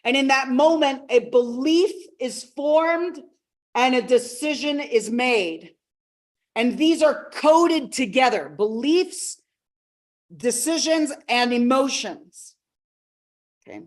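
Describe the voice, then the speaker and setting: High-voiced woman teaching a live masterclass. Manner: expressive teacher, acts out quotes, slows for key words. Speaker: personal development coach.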